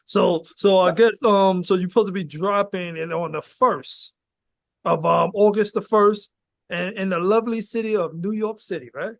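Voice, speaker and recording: A man interviewing an artist, asking relaxed and encouraging questions. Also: high-pitched, moderate pace, gravelly, no echo, clean studio sound.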